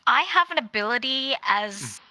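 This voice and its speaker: A woman playing in a tabletop game, chatting casually and asking quick questions. Her voice is bright and crisp, and the recording is dry and close. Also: a little high, expressive, no echo, poor audio. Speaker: player.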